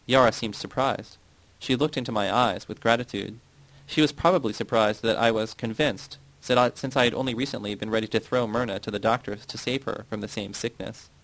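A man narrating a novel in a measured reading voice, giving the characters' quotes a light touch. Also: mid-range voice, steady tone, creaky, a bit bright, rough recording. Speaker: audiobook narrator. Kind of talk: scripted narration.

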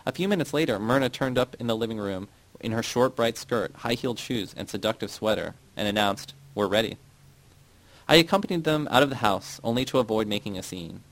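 A man narrating a novel in the first person, reading in a steady, measured way. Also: lowish voice, poor audio. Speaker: audiobook narrator.

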